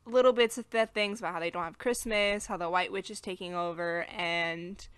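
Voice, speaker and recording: A woman's voice: on the low side, fairly even intonation, normal speed, smooth, dry recording. An American woman co-hosting a podcast, chatting casually through a movie review and recapping the plot, laughing at her own slips. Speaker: podcast co-host.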